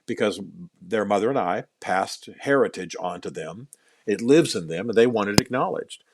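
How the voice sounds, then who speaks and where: An earnest middle-aged man talks as a podcast guest in a slightly low voice. He tells stories at length, repeats words as he builds each point and drops in dry self-deprecating jokes. The recording is dry and close. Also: lively intonation, moderate pace, no room sound. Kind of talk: podcast interview, storytelling.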